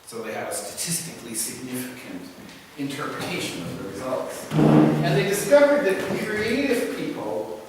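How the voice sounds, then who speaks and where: Male lecturer, rather high voice, digressive storytelling, far from the mic, big echoey hall. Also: noisy background. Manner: animated, digressive storytelling with many "you know" fillers. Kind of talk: live lecture to a class.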